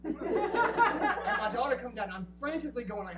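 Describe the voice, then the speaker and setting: Thirties man, comic storyteller, very lively pitch, echoey far-off mic, hum behind. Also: moderate pace. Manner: animated, jumps into acted voices. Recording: roomy distant live recording with hum.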